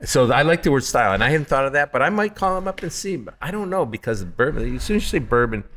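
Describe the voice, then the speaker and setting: A man's voice: medium pitch, very animated, fast, a bit bright. A middle-aged man from Upstate New York telling stories as a distillery founder being interviewed, acting out calls in other voices. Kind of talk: casual storytelling in a podcast interview.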